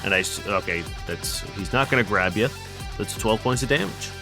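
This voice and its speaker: A man narrating a tabletop game as game master, quick and lively, laughing now and then. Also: lowish voice, over music.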